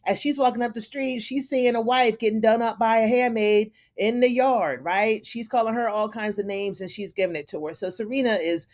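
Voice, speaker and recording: A woman hosting a casual TV episode recap, chatty and animated, who often calls her viewers honey. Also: fairly high pitch, moderate pace, few pauses. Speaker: TV recap host.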